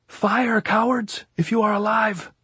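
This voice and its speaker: A man's voice: a little high, very animated, a little fast, breathy edge, dry recording, pitched above the performer's own voice, full character voice. A man reading an audiobook, voicing a volatile army captain who bellows insults and orders. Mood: raging shout. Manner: bellowing, ranting, taunting.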